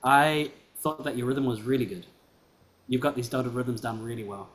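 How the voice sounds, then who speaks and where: A male piano teacher with an even, mid-range voice, giving patient feedback after a student's performance. He talks in a friendly, encouraging way and keeps checking that the student follows him. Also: medium pitch, normal speed. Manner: encouraging, checks understanding with "right?" and "yeah?".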